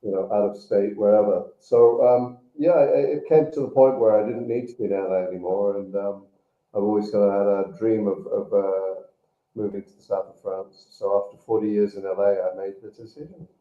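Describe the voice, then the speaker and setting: An older man, an actor guest, chatting easily in an interview with halting restarts and fillers. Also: lowish voice, fairly even intonation. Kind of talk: casual interview chat. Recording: tinny phone line, roomy echo.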